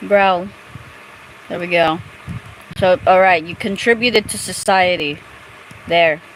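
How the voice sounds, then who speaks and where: A woman's voice: fairly low pitch, slow pace, slight background noise, rough recording. A young woman commenting casually on a game she plays, crude and chatty, talking back at the game. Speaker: gameplay streamer.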